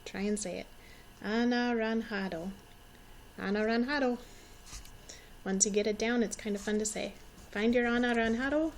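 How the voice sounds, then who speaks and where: A woman in her forties teaches young children at a slow, careful pace and repeats each word so they can echo her. Her voice sits a little high, and she sounds warmly encouraging. A faint hiss of noise runs under the recording. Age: 40s. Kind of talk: slow, patient classroom instruction.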